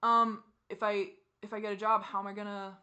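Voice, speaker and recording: A woman's voice: medium pitch, little pitch movement, a little fast, highs cut off. Tearful woman venting to camera. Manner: frustrated venting with sighs and soft asides. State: teary, crying. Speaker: vlogger. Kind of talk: personal confessional vlog.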